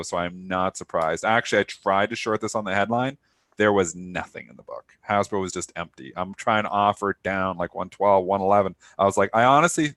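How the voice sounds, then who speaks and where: A man's voice: dry recording, studio quality. A man co-hosting a live trading talk show, chatting casually about stocks and laughing easily. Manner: animated, laughing, goes high when excited. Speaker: co-host and trader.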